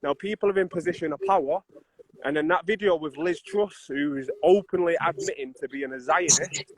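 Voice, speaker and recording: A man explaining his views as a podcast guest, earnest and halting. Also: a little high, slight background noise, rough recording.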